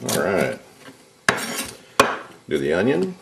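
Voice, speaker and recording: Guy doing a cooking demo in his kitchen, chatty and jokey, frying pan sizzling loudly behind him. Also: deep voice, huge pitch swings, slow pace, vocal fry, very noisy. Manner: rambling, jokey, chatty asides. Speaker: home cooking host. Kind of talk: casual cooking demonstration. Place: home kitchen. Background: frying and sizzling, knife clicks.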